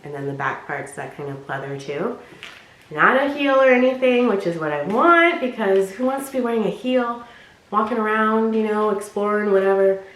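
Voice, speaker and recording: A woman chatting casually as she unboxes and reviews clothes, often dropping low and quiet on her asides. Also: lively intonation, moderate pace. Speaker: vlogger. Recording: echoey room with faint noise.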